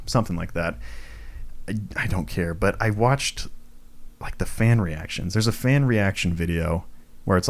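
A young man hosting his own podcast, ranting casually, swearing freely and filling his talk with fillers and self-mocking asides. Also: sits low. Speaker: podcast host. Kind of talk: casual solo podcast rant. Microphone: home recording setup, tripod for video.

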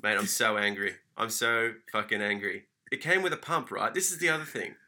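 A man on a casual podcast, telling a story as an animated, mock-furious rant. He swears freely and his tone is very bright and sharp. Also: on the low side, brisk. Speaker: podcast co-host.

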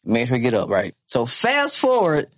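A young man in his twenties with a husky, slightly rough voice, co-hosting a casual podcast. His delivery is lively and animated, jumping up and down in pitch as he tells stories and argues his point with plenty of swearing. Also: moderate pace. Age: 20s. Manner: animated storytelling, swearing, laughs. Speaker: podcast co-host. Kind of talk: casual chat.

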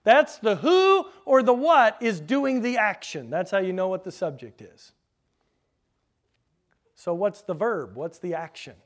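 A man with a notably high voice delivers a sermon in a teacherly way. He quizzes his congregation as if giving a lesson and slows right down to press single words home. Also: expressive. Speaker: preacher.

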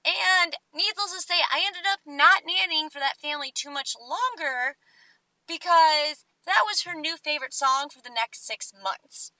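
A woman in her twenties telling a story on her vlog, chatty and animated, acting out what people said. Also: high-pitched, a little slow, dry recording, low-quality recording. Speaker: vlogger.

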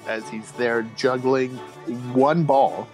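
A young man narrating a tabletop game as game master, relaxed and descriptive with fillers. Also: medium pitch, slow pace, over music.

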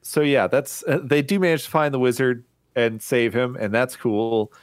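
A man in casual podcast chat who laughs often and throws himself into retelling scenes. His voice sits at an ordinary middle pitch and is recorded close and dry, with no room sound around it. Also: normal speed, no echo. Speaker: podcast host.

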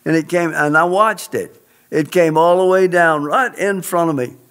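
Earnest man with a higher voice. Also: steady tone, moderate pace, a bit bright. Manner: earnest, emphatic, preacherly. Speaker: guest telling a testimony. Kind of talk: personal testimony in an interview.

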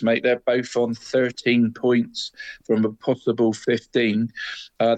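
A male co-host chats casually about football in a medium-pitched voice, rambling and restarting and saying "mate" constantly. The recording is dry and close.

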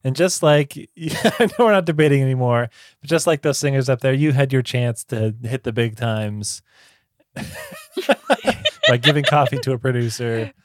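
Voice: medium pitch, normal speed, no echo. A podcast host running a casual debate show, with wry, dry humor and frequent laughter.

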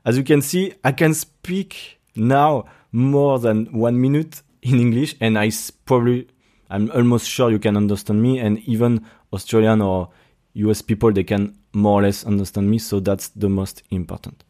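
A young Frenchman talks through a casual monologue in English, his accent strong and his phrasing halting as he hunts for words. His voice sits fairly low with a mellow, relaxed tone. He restarts sentences often and chuckles at his own stumbles. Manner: halting, searching for words, frequent restarts and self-conscious laughs. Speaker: podcast host. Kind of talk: casual monologue in a second language.

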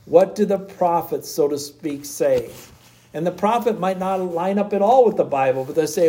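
Man, preacher, sermon, emphatic repetition, mellow dark tone. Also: fairly high pitch, normal speed.

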